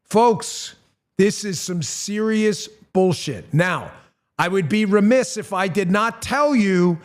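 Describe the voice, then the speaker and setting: A middle-aged man hosting a political commentary show, talking bluntly and getting heated, with swearing. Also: slow. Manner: blunt, heated, swears and rises in pitch when angry. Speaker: host.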